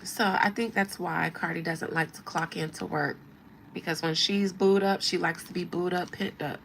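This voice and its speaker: A woman's voice: fairly low pitch, fairly even intonation, moderate pace, creaky, fairly bright tone, slight background noise, low-quality recording. A woman hosting a show as a tarot reader, giving blunt, slangy, mocking commentary. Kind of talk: casual commentary.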